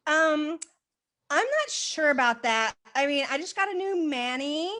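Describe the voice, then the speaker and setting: A woman's voice: high voice, big pitch swings, a little slow, sharp tone. A woman improvising a scene over a video call, breezy and self-assured. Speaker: improv guest performer.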